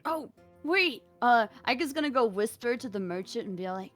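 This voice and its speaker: A woman's voice: a little high, lively intonation, moderate pace, soft background music. A woman playing a tabletop game, bubbly and giggly. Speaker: player.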